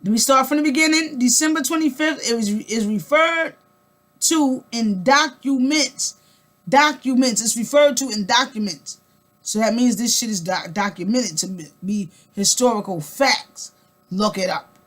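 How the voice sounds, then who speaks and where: A woman's voice: a little high, animated, normal speed, fairly bright tone. A woman vlogger in a casual spoken monologue, emphatic and colloquial, repeating words and firing rhetorical questions at the listener. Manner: colloquial, rambling with restarts.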